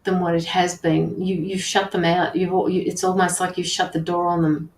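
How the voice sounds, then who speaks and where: A woman working as a tarot reader and medium, relaying messages in an earnest, halting way with many restarts. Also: on the low side, little pitch movement, reverberant, a little hiss or hum, poor audio. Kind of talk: live intuitive reading.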